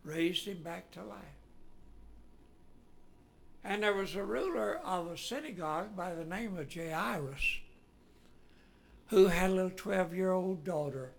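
A man's voice: high-pitched, gravelly, slight background noise. A man preaching a sermon in a folksy, storytelling way, rising dramatically when he quotes. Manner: folksy, slow, with dramatic rises when quoting.

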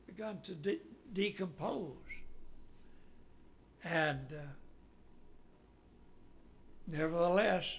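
A man preaching a sermon in a folksy, storytelling way, rising dramatically when he quotes. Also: high-pitched. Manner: folksy, slow, with dramatic rises when quoting.

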